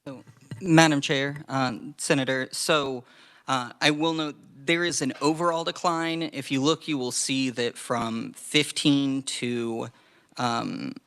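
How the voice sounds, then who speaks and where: A man walks a legislative committee through testimony. His pitch sits mid-range and his delivery is measured, often pausing on fillers as he explains data. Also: fairly even intonation, a bit bright, clean tone. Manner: measured, hedging with frequent fillers. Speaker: legislative staff presenter.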